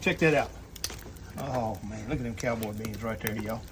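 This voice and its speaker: A man with a fairly low voice hosts a casual outdoor cooking vlog, chatting to viewers in a folksy way at a moderate pace while he cooks. A griddle sizzles in the background.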